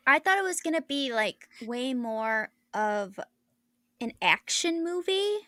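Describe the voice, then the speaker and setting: Bright-voiced woman, casual co-host. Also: high-pitched, sing-song, no echo, clean studio sound. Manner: quick reactions, laughs easily. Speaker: podcast co-host. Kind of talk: casual chat.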